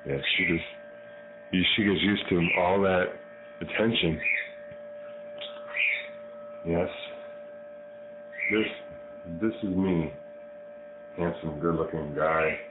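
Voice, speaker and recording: A man filming his pet bird at home, cooing and baby-talking to her in a singsong voice that swoops up high on repeated phrases. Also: fairly even intonation, slow, long pauses. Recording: tinny phone-like sound with mains hum.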